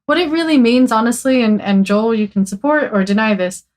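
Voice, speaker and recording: A woman's voice: on the high side, animated, fairly quick, darkish tone. A woman guest on a casual podcast, a content marketer who talks in a bubbly way and laughs easily.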